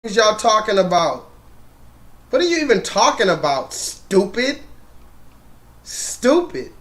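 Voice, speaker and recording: High-voiced man ranting on a live stream. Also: very animated, unhurried. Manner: profane, loud, mocking rant addressing chat.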